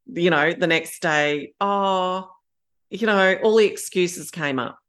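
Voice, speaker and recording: An Australian woman in her fifties speaks slowly as a podcast guest, her voice fairly low in pitch and fairly bright. She tells her story candidly and acts out her own inner voices.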